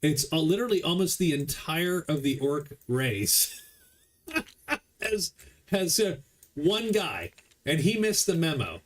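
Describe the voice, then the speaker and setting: Male board game streamer with a slightly high voice. Chatty and explains rules aloud. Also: very animated, takes it slowly, pauses often. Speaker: board game player streaming a solo playthrough. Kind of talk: casual game commentary.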